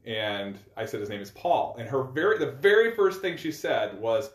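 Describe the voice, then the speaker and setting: A man's voice: mid-range voice, very animated, normal speed. A man co-hosting a podcast, chatting in an easygoing, reflective way with filler words. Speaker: podcast co-host. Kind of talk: casual chat. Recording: roomy echo.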